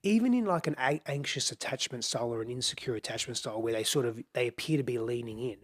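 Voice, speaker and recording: A man's voice: medium pitch, animated, quick pace. A middle-aged man speaking as a podcast guest, explaining in an earnest, reflective way and repeating phrases for emphasis.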